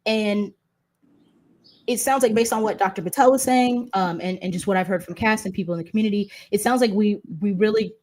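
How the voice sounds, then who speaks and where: A woman's voice: mid-range voice, a little fast, darkish tone. A woman in her thirties from the United States, hosting a casual panel conversation and talking freely with many fillers and restarts. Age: 30s. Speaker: host and patient advocate.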